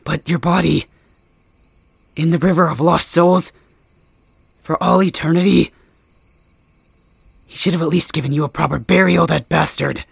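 A man voicing a brash, cursing young male werewolf in a fan audio drama, with a gravelly voice. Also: fairly high pitch, steady tone, normal speed, long pauses, no echo, exaggerated voice. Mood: pleading. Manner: brash, curses, snaps at people.

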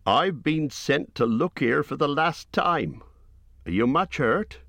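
A man's voice: on the high side, expressive, slow pace, vocal fry, fairly bright tone, no room sound, pitched above the performer's own voice, heavily acted. A man voicing a tall, sure-footed messenger who speaks firmly and earnestly. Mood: urgent.

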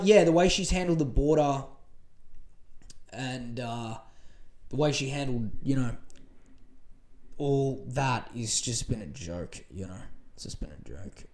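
A man's voice: mid-range voice, a little hiss or hum. A man hosting a podcast, giving casual political commentary in a rambling, profane rant full of fillers and restarts. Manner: profane, rambling, animated rants with many fillers. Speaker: podcast host.

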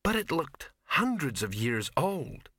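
A man's voice: a little high, sing-song, takes it slowly, pushed and bright, breathy edge, no room sound, studio quality, voice pushed up, exaggerated voice. A man reading aloud and voicing a confused, frightened young woman in an audiobook. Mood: uneasy. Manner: uncertain, small voice.

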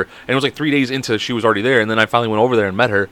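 A man's voice: mid-range voice, fairly even intonation, very fast, hardly any pauses, sharp tone. A young man from Chicago, a podcast host, tells a story in a rambling, profane, casual way. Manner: rambling, profane, full of fillers.

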